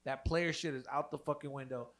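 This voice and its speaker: A man's voice: medium pitch, fairly quick. A young man co-hosting a podcast, telling a wild story in casual, profane chat and acting out the people in it. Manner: animated, profane, acts out voices in quotes. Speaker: podcast co-host.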